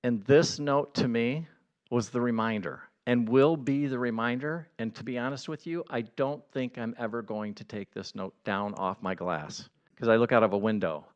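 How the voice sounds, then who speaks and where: A man giving a conversational sermon as a pastor, earnest and building to excited emphasis. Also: medium pitch, moderate pace, clear, resonant tone, lo-fi sound.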